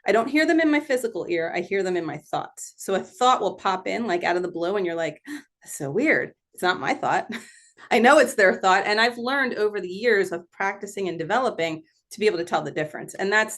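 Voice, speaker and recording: A woman's voice: mid-range voice, a little fast. A woman medium hosting a live online session, talking casually and laughing often, heard over a video call. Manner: chatty, animated, laughs often. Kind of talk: casual live-stream talk.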